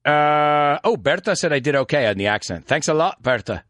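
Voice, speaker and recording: Brief: chatty New York host, lively swooping pitch, dry close sound. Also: male voice, unhurried, no echo. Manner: animated, chatty, laughs often. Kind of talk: casual chat with live audience. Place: studio.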